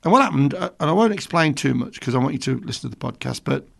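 Middle-aged brummie radio guy, gravelly, rambles on with jokes between tracks. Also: mid-range voice, lively intonation, fast, a bit bright. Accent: Birmingham. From England. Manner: chatty, jokey, rambling storyteller. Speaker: radio presenter. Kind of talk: casual radio chat.

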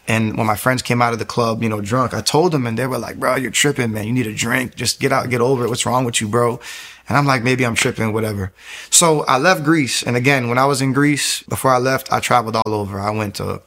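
A young adult man recounts his personal testimony in a rapid, earnest flow. He restarts his sentences often and pushes his voice up into loud, intense bursts as he relives key moments. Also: mid-range voice. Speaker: testimony speaker.

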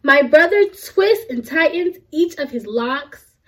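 A woman's voice: high voice, lively intonation, slow, fairly bright tone, rough recording. A young woman, a university student, reading a children's picture book aloud in a friendly way. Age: young adult. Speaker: student storybook reader.

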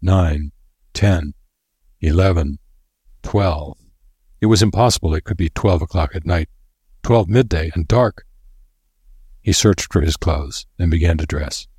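A man narrating an audiobook in a measured, even storytelling manner. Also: low-pitched, breathy edge, no echo, clean studio sound.

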